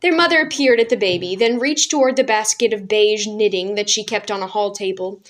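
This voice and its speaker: A woman narrating a children's book aloud as a storyteller, calm and even. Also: medium pitch, fairly quick.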